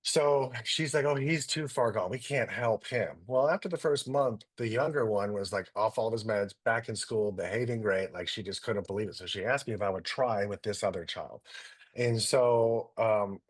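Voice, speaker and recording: A middle-aged man, a doctor, telling lively anecdotes and acting out what people said. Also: mid-range voice. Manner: animated anecdotes, acting out quotes. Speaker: guest doctor. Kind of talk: storytelling in a talk.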